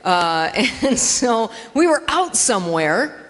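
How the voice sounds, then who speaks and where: A woman's voice: a little high, very animated, takes it slowly, fairly bright tone. A woman doing a chatty, self-mocking stand-up set in a church hall, acting out dialogue in funny voices. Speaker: stand-up comedian. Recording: live in a reverberant hall.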